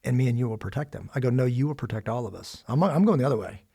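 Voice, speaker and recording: A middle-aged American man and father, a guest in a candid podcast conversation, who tells family stories in an animated way and acts out the dialogue himself. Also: mid-range voice, racing, creaky, slightly rough. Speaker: guest, former special operations officer and father.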